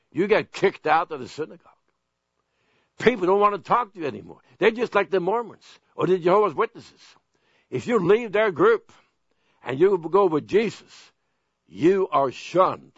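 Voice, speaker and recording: Male preacher, slow and emphatic, kinda muffled dry recording. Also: fairly high pitch, gravelly, breathy edge, no room sound. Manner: emphatic, deliberate preaching with pointed questions. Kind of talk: sermon. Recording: dull, dry lo-fi sound.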